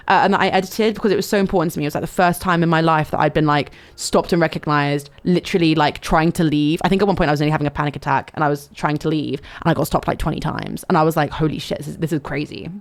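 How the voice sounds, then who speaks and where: A young woman streamer tells a long story casually and with lots of animation, swearing along the way and breaking into sudden high squeals.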